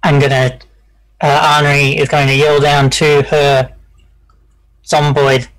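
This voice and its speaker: A man's voice: a little high, little pitch movement, normal speed, fairly bright tone, poor audio. A man playing in a tabletop game, explaining his moves and rules in a matter-of-fact way. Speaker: player.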